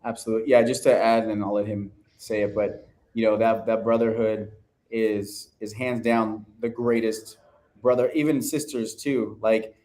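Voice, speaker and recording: Podcast guest, man, earnest, halting, casual chat. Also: lowish voice, little pitch movement, a little mellow. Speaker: guest, business owner.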